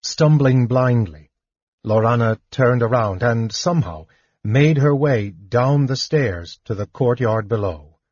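A man narrating a fantasy audiobook in a measured, even storytelling manner. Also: mid-range voice, husky, no echo, dull audio.

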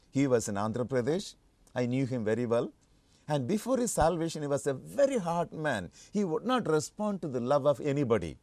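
Fervent preacher with soaring pitch leaps. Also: male voice, a little mellow, no room sound. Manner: emphatic, leaping to high fervent peaks, repeats key phrases. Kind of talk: sermon.

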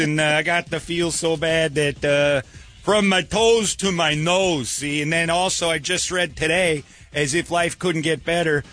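A man's voice: on the high side, a bit bright, voice pushed up, natural voice. A man doing a sappy lovestruck groom with a Chicago accent. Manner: dreamy, sappy, breathless gushing. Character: gushing lovestruck middle-aged groom.

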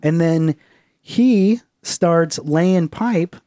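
A man's voice: on the high side, drawn-out words, dark tone, dry recording, clean studio sound. A man co-hosting a casual comedic chat, loose and profane, with lots of fillers. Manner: loose and profane, full of fillers, slips into mocking voices. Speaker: podcast co-host.

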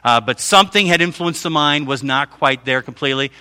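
A man's voice: mid-range voice, fairly quick, sharp tone, clean tone. A middle-aged man preaching a conversational sermon, often checking in with his listeners. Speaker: pastor.

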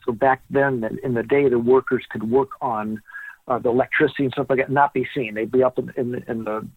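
Male guest storyteller, animated, plays out the dialogue; tinny, dry phone-line audio. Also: medium pitch, fairly quick, husky, dry recording. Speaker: guest author. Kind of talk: storytelling in a podcast interview.

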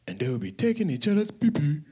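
A man voicing a shocked older aunt, who lets out high shrieks and drags out her disbelief. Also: big pitch swings, fast, warm tone, breathy edge. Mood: scandalized. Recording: live comedy club with audience laughter.

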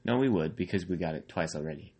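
A young man co-hosting a casual podcast, teasing in a dry deadpan way, recorded on a tablet microphone. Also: deep voice, fast talker, husky. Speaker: podcast co-host. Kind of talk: casual banter.

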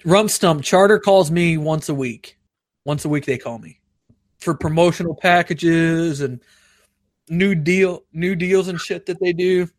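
A man's voice: a little high, measured pace, dry recording, clean studio sound. A man chatting casually to his viewers, rambling and swearing, laughing at his own stories and acting out phone calls in raised voices. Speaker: streamer reading chat. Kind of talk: casual livestream chat.

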